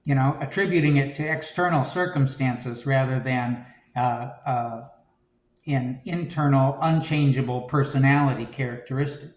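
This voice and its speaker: A man giving a conversational homily, relaxed and reflective, with frequent "you know" and "um". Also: medium pitch, a little slow, reverberant. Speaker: preacher.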